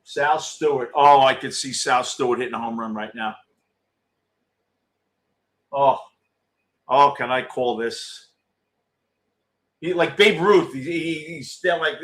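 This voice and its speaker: A middle-aged man hosts a postgame show, talking casually to viewers and reacting bluntly and excitably to a live game, swearing freely. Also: medium pitch, slow, pauses often.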